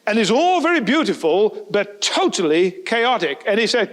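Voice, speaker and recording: A man preaching a sermon, animated, putting rhetorical questions to the listeners and acting out the people he quotes. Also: high voice, normal speed, few pauses. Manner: animated, voices quoted speakers.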